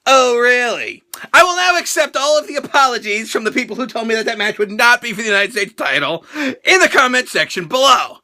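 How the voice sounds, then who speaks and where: A young man hosting a crude, excitable, jokey wrestling reaction rant. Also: extremely high pitch, fast. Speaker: wrestling show reaction host. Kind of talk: profane comedic rant review.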